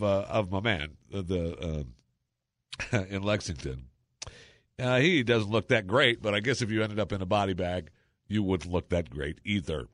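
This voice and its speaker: A man's voice: low-pitched, expressive, moderate pace, a bit bright, dry recording. A man hosting a casual talk monologue, chatty and sarcastic, full of exclamations and asides. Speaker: talk show host.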